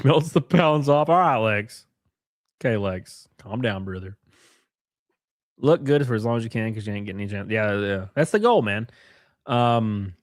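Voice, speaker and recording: A man's voice: fairly low pitch, dry recording, studio quality. Crude joking man streaming. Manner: crude, joking, laughs often. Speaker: livestream host. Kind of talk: casual live-stream chat reading viewer comments.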